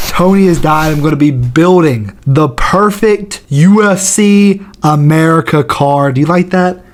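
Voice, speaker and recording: Slangy, profane man with a higher voice. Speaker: channel host. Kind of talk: casual commentary.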